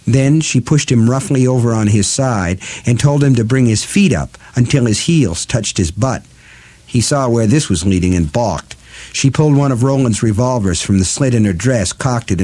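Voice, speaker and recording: Low, dark-voiced male narrator. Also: husky. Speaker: audiobook narrator. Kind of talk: scripted narration.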